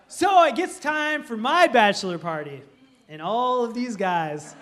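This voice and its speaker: A man's voice: sits high, sing-song, normal speed, a bit bright. A young man from Minnesota preaching a sermon, telling humorous stories and laughing through them. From Minnesota, USA. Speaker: pastor. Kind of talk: storytelling sermon.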